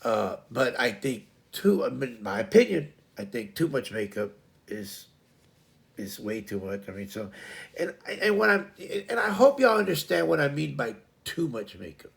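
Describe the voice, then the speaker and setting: A man's voice: medium pitch, very animated, normal speed, gravelly. A middle-aged man hosting a casual livestream chat, rambling and stumbling over repeated words. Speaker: livestream host.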